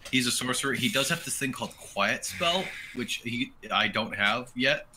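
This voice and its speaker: A man playing a tabletop game, explaining things in casual chat with halting starts and restarts. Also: medium pitch, lively intonation, noisy background. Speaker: player.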